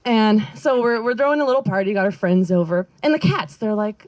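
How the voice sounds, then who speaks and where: A woman's voice: mid-range voice, lively intonation, a little fast, hardly any pauses, a little mellow, no room sound, lo-fi sound. Woman stand-up comic, rambling self-deprecating set, giggles through it, dry close sound. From Northern California. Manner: rambling, self-deprecating, lots of fillers and laughs. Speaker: stand-up comedian. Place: outdoor backyard comedy show.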